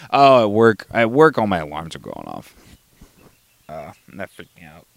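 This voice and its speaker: A young man with a lowish voice rambles through a casual solo podcast, dropping curses and restarting his sentences. He is coming down with a cold, and his talk stays loose and unpolished. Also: wildly swooping pitch, moderate pace, gravelly, no echo. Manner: profane, rambling, with frequent restarts and fillers. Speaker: podcast host.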